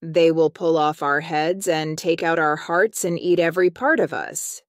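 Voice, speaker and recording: A woman's voice: low-pitched, moderate pace, no room sound, studio quality. A woman voicing a clever, bossy goat. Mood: urgent.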